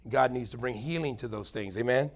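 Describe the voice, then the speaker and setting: A man's voice: mid-range voice, brisk. A man preaching a plain-spoken Bible teaching sermon, earnest and conversational, with emphatic bursts. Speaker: pastor.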